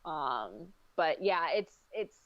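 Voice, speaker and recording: Low and sing-song, this comics editor speaks slowly as a guest on a casual video call, laughing often and using plenty of fillers in her relaxed talk. There's no echo; the sound is dry and a little dull.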